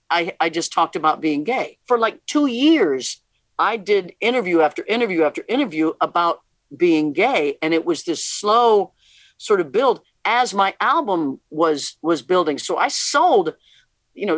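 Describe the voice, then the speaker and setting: A woman's voice: on the low side, animated, a little slow, no echo. A middle-aged woman, a rock musician, talking candidly as an interview guest, laughing often and restarting her sentences. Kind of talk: casual interview conversation.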